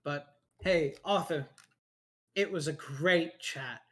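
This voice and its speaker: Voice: mid-range voice, slow, a bit bright. A game master voicing a cheerful, offhand mysterious man in a tabletop game. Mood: breezy. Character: breezy mysterious man who vanishes through a wall. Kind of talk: tabletop role-play.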